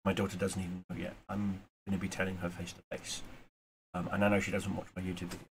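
A man talking straight to camera in a casual motivational vlog, earnest and rambling, moving from quiet reflection to emphatic urging. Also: sits low, completely flat delivery, fast, vocal fry, a little hiss or hum. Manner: earnest, rambling, with fillers and repeats. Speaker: YouTuber.

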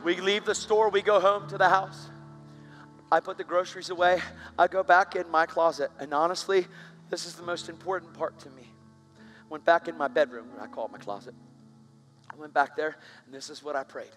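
A man's voice: fairly high pitch, steady tone, brisk, a bit bright, faint music behind. A man preaching, telling a story with strong feeling and rising into fervent prayer. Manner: emotional, builds to fervent prayer. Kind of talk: storytelling sermon.

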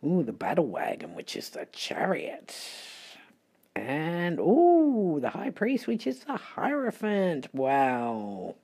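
Slow, husky Australian tarot reader. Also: medium pitch, huge pitch swings, darkish tone. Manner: chatty and rambling, with muttered asides. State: sleepy, late at night. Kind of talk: casual tarot reading.

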